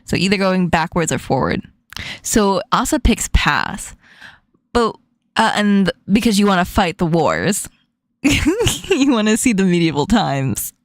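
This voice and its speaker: A woman hosting a casual stream chat, playful and quick to laugh, asking her guest questions. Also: mid-range voice, big pitch swings, no echo, clean studio sound. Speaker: streamer host.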